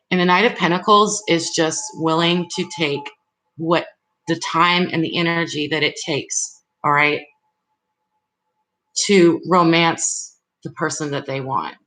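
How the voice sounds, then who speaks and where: A woman's voice: low voice, fairly bright tone, poor audio. A woman giving live tarot readings, speaking directly and reassuringly to her viewers in a loose, rambling way. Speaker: tarot reader.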